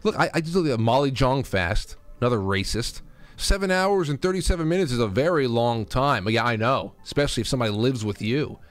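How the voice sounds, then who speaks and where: A man's voice: medium pitch, animated, a little fast, faint music behind. A male host giving angry, insulting, sarcastic political commentary, ranting about news clips.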